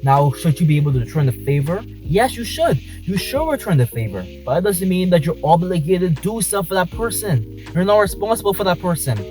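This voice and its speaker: A man's voice: high voice, lively intonation, fairly quick, hardly any pauses, warm tone, soft background music, low-quality recording. A man vlogging from inside a car, speaking passionately and emphatically, repeating his points. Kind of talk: talking to camera in a car.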